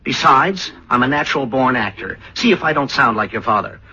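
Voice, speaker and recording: A man's voice: medium pitch, animated, a little fast, lo-fi sound, natural voice. An actor in a 1940s radio comedy playing a bumbling, boastful young suitor who wisecracks and chuckles at his own jokes. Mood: chuckling. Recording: hissy old radio broadcast recording.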